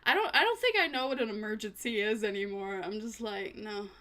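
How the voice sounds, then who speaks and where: Bright-voiced tired woman streamer. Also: on the high side, big pitch swings, a little fast. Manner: tired, rambling, self-talking with little laughs. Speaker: vtuber streamer. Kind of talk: casual live-stream chat.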